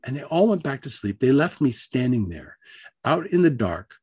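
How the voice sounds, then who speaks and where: A man telling a personal story aloud on the radio, animated, acting out the voices of the people in it. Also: moderate pace, husky, dry recording, clean studio sound. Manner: animated, acts out voices with big pitch jumps.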